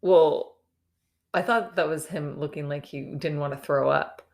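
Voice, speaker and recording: A woman's voice: low-pitched, unhurried, darkish tone. A woman co-hosting a podcast, chatting casually about a reality show, laughing often and filling her talk with "like.". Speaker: podcast co-host.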